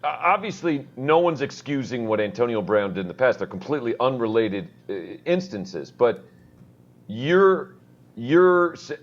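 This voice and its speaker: A man's voice: medium pitch, very animated, moderate pace, highs cut off. A man co-hosting a casual sports and law talk show, rambling with many "like" fillers.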